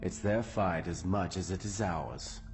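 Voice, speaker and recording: Deep calm game ally, firm and steady, music under it. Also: male voice, unhurried. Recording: game audio with music behind.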